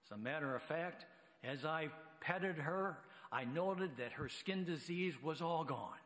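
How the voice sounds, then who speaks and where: A man preaching a story-driven sermon in a church sanctuary. His pace is slow and deliberate, his voice sits a little high, and long reverb trails each phrase. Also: expressive, fairly bright tone. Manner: unhurried storyteller reading a story aloud. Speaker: guest preacher.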